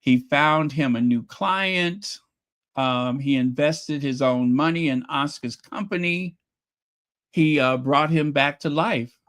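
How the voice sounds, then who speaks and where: A man talks through a drama's episode in an easy, chatty way, lingering over his words at an unhurried pace. His voice sits slightly high, and he jumps up in pitch whenever he acts out what the characters said. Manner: animated storytelling, acts out quotes with rising pitch. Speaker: show reviewer. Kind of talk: casual recap commentary.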